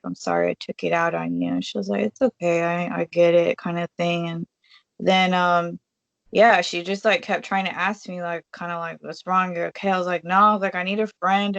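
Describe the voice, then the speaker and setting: A woman's voice: on the low side, creaky, no echo, lo-fi sound. A woman telling a personal story in a casual, chatty way, full of fillers and acting out what she said to others. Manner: chatty, filler-heavy, acts out her own quoted lines. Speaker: vlogger.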